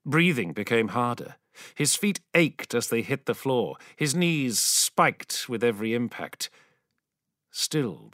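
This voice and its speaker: A man reading a story aloud as an audiobook narrator in a dramatic, expressive manner. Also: lowish voice, no echo, studio quality.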